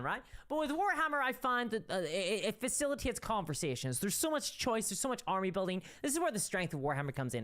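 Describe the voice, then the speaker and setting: A woman streamer in casual livestream commentary, reading chat and ranting with opinionated energy and frequent restarts. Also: fairly low pitch.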